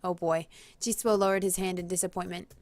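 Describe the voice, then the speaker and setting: A woman reading a visual novel aloud as a let's play host, reacting loudly and laughing along. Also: fairly low pitch, steady tone, a little fast, a crowd in the background.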